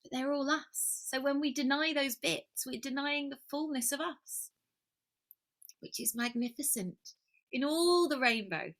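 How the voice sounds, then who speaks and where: Her voice is high and fairly bright, her pace a little slow. As a spiritual mentor in a reflective personal video, she muses with emotion and earnestness, now and then dropping close to a whisper.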